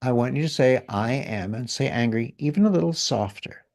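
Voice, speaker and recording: A man guiding someone through a feeling exercise in a calm, gently directive coaching way. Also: mid-range voice, a little fast, gravelly. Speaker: guest healer leading an exercise. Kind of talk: guided exercise in conversation.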